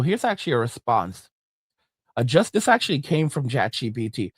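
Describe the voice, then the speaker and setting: A man's voice: mid-range voice, very animated, a little fast, husky, no echo, studio quality. A man hosting a reaction commentary, ranting in an emphatic, indignant way. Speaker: commentary host.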